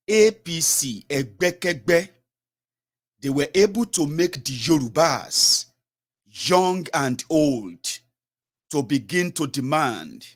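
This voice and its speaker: A political commentator, a man with a Nigerian accent, delivers an impassioned political monologue that's emphatic and packed with fillers and self-corrections. His voice is mid-range and a bit bright.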